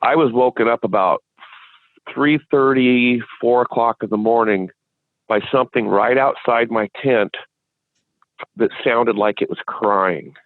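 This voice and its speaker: A man from Washington State, a guest in an interview, telling a long rambling story with halting restarts. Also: medium pitch, no echo. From Washington State, USA. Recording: dry, tinny phone line.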